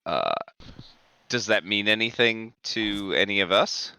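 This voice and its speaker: Slow bright-voiced man at a game table. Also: lowish voice, lively intonation, clean tone. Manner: slow, unhurried, hesitant with fillers. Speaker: player. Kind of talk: casual tabletop play.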